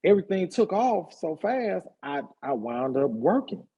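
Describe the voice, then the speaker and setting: A man in his fifties, a hairstylist and party promoter, telling his life story in a relaxed interview with lots of fillers. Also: sits high, unhurried, husky. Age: 50s. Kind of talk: casual conversational interview.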